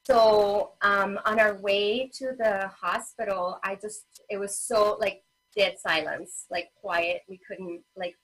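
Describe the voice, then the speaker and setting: Woman, 30s, husky, heartfelt conversational storyteller, lots of "um" and "like". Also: mid-range voice, fairly even intonation, takes it slowly, rough recording. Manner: emotional storytelling with many fillers. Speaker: guest, parent advocate and children's author. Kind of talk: personal story in a casual interview.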